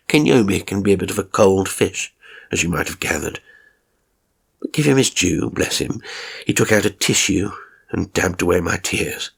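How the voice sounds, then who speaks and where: Gravelly man narrating horror. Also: low-pitched, animated, moderate pace. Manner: weary, irritable, confessional. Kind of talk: first-person horror story narration.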